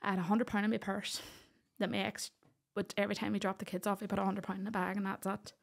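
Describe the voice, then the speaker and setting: A woman with a Northern Irish accent tells her own story as a podcast guest. Her voice sits in a middle register with a gravelly edge. She tells it with energy and acts out the voices of the people she quotes. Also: mid-range voice, flat delivery, fast talker. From Northern Ireland. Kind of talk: personal storytelling in a podcast interview.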